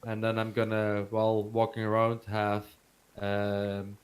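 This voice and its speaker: A man in a casual tabletop game, explaining his gear haltingly and padding it with fillers. His voice sits fairly low. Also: completely flat delivery. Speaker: player. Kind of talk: casual tabletop role-play.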